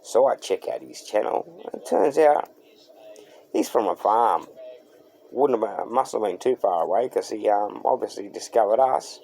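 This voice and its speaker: A man's voice: lowish voice, lively intonation, moderate pace, creaky, mellow, slight background noise. A man with an Australian accent, hosting a car channel and telling a story in laid-back, slangy talk. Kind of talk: storytelling to camera.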